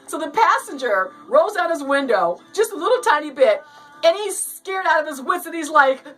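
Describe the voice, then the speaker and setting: Host, female, high and lively, reads jokes with put-on voices, off-mic with faint music. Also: normal speed, far from the mic, low-quality recording. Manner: animated, laughs often, acts out voices while reading. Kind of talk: casual show talk and joke reading.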